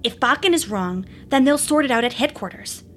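A woman's voice: high-pitched, brisk, soft background music. A woman doing a rigid, dutiful robot pilot. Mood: firm. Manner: flat, by-the-rules, firm.

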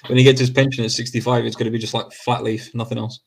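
A man's voice: medium pitch, little pitch movement, fast talker, creaky. A man, rambling with mock seriousness and swearing freely in a casual podcast chat.

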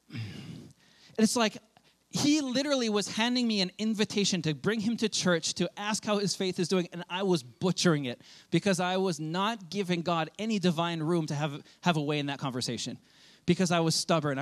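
A man, a pastor, preaching a sermon in a loose, conversational way, acting out quick quoted asides. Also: high voice.

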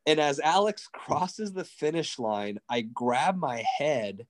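Guy telling a wild racing story, kinda high voice, acts out what people said. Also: slow pace, a little hiss or hum. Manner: animated, excitable, acts out quotes. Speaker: guest, racing driver coach. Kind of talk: casual storytelling.

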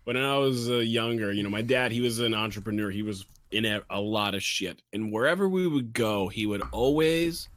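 A man's voice: fairly low pitch, moderate pace, hardly any pauses, fairly bright tone, no echo. A man co-hosting a casual chat, talking bluntly and swearing freely. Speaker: podcast co-host.

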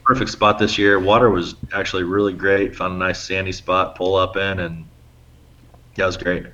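A man co-hosting a podcast tells animated, casual stories at a normal pace, acting out quotes with big pitch jumps. The lo-fi audio sounds slightly muffled.

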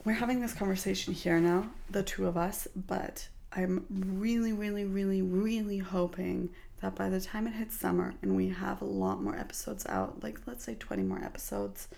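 A young woman from Germany co-hosting a casual podcast, her mid-pitched voice carrying a gravelly edge. She talks in excitable bursts and tends to ramble. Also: normal speed, few pauses. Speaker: podcast co-host. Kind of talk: casual chat.

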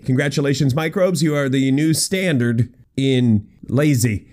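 Lively jokey man hosting a news countdown. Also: medium pitch, moderate pace, hardly any pauses. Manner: wry, animated, jokey asides. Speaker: podcast host.

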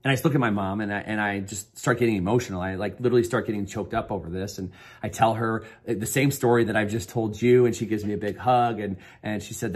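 Fast-talking husky man giving a pep talk. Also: lowish voice, fairly even intonation. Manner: earnest, rambling with restarts, rises to upbeat coaching. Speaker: motivational speaker. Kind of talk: personal story and pep talk.

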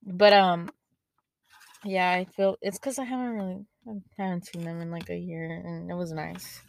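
A young woman podcast host telling casual stories with lots of swearing, animated and chatty. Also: on the low side, normal speed, vocal fry, a little hiss or hum. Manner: swears a lot, animated storytelling. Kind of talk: casual chat.

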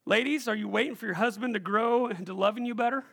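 A male pastor with a very high, gravelly voice preaches to his church. His tone is bright and sharp, and he calls out questions to the congregation and acts out the voices of the people he quotes. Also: quick pace. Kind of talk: sermon.

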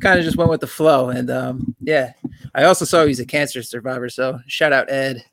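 An easygoing man co-hosts a casual podcast and laughs easily. His voice is mid-pitched. The sound is dry and close. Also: fairly quick, gravelly, fairly bright tone, no room sound. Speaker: podcast co-host.

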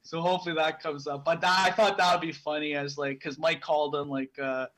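A man's voice: on the high side, flat delivery, a little fast, fairly bright tone, low-quality recording. A young man co-hosting a podcast in casual chat, rambling with many restarts. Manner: rambling, full of restarts and fillers. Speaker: podcast co-host.

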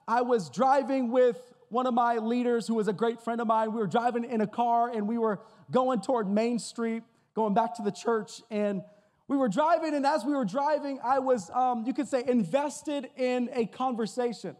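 A male pastor from Massachusetts preaching a sermon, telling a story with a joking, energetic delivery. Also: very high voice, moderate pace. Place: church hall before an audience. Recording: hall with long reverb.

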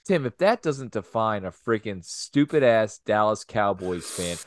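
A man's voice: lowish voice, lively intonation, measured pace, no room sound. A man co-hosting a casual podcast, telling a heated story with lots of swearing. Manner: heated, profane anecdote telling. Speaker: podcast co-host.

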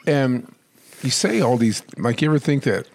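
A man's voice: mid-range voice, animated, normal speed, creaky. Playful man chatting on a podcast. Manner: playful, laughs often, tells stories with acted-out quotes. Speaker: podcast co-host. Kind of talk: casual chat.

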